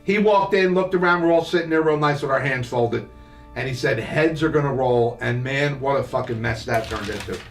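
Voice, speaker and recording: A man's voice: medium pitch, fairly quick. An older man telling childhood stories in a rambling, profane, laughing way as a podcast host. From New Jersey. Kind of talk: casual storytelling. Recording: roomy echo, mic at a distance, faint music.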